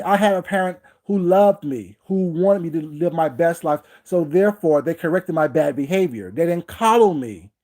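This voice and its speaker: Heated livestream host ranting at chat. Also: medium pitch. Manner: confrontational, repeats points, greets viewers warmly by name mid-rant.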